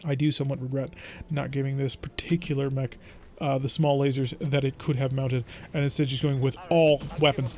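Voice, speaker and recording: A man's voice: mid-range voice, little pitch movement, a little fast, a little mellow. A young adult man streaming a mech strategy game, giving chatty, wry, mock-exasperated play-by-play commentary. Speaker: gaming streamer. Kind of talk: let's play gameplay commentary.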